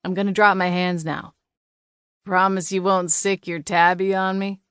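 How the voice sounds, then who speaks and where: A woman's voice: on the low side, flat delivery, normal speed, fairly bright tone, smooth, no echo, clean studio sound, close to an everyday voice. A woman playing a wry, teasing young man. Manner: teasing and easygoing. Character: wry, amused young male intruder.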